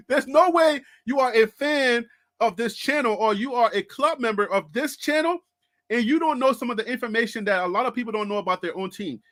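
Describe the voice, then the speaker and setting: A man with a high voice hosts a sports fan channel in a casual live-stream chat. He speaks animatedly, laughs often and calls out to his viewers by name. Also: moderate pace, a bit bright.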